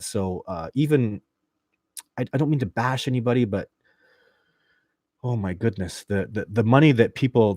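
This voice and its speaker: A Canadian man hosting a casual livestream, reading viewer questions and rambling excitedly with lots of restarts and fillers. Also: lowish voice, no echo, clean studio sound. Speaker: livestream host.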